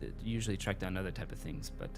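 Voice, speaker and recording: A man's voice: deep voice, expressive, quick pace, gravelly, music in the background, pitched below the performer's own voice. A man voicing a courteous city informant with a vague generic European accent, speaking hesitantly in a tabletop role-play. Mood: helpful. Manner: hesitant, courteous, full of ums. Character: helpful male city informant and tracker.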